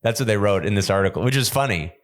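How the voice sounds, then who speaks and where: A young adult man, a stand-up comedian hosting a podcast, telling stories in a rambling, animated way with lots of restarts. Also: fairly low pitch, quick pace. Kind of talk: casual comedic chat.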